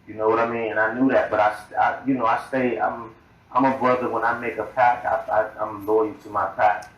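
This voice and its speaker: Man, somewhat low voice, halting and repetitive; distant, roomy clip recording. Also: little pitch movement, a bit bright, muffled recording. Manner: hesitant, repeats words, conversational. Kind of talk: speaking in a played video clip. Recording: echoey clip from far off with faint noise.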